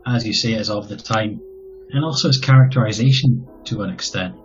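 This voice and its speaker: A man's voice: on the low side, fairly quick, soft background music. A man co-hosting a podcast in casual chat, blunt and matter-of-fact, swearing now and then. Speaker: podcast co-host. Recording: slightly dull lo-fi sound.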